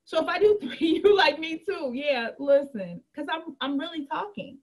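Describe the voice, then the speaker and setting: A woman coaching an online group about her business in a candid, animated way. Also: high-pitched, moderate pace. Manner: animated and candid, acts out chats in a bright girly voice. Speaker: network marketing coach.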